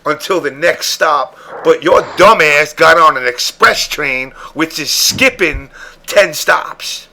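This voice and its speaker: Guy on a podcast rambling through a story, swears a lot, gravelly voice, kinda high. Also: slow, bright, forceful tone. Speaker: podcast host. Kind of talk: casual chat.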